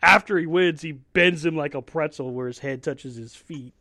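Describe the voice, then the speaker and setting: A man's voice: on the high side, moderate pace, bright, forceful tone, no room sound. A man co-hosting a casual wrestling podcast, chatty and laughing often, with hiccups. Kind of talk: casual chat.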